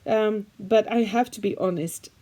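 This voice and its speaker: This art vlogger, a native Dutch speaker from the Netherlands, has a medium-pitched, warm voice and an unhurried delivery. In casual talk to camera she speaks English with a faintly British-leaning Dutch accent, sounding chatty and self-deprecating and using lots of fillers.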